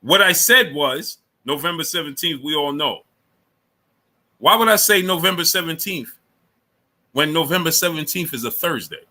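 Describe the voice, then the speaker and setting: A man's voice: fairly high pitch, lively intonation, moderate pace, sharp tone. A man hosting a live boxing stream, lecturing a viewer, repeating himself and greeting chatters by name. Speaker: boxing channel host.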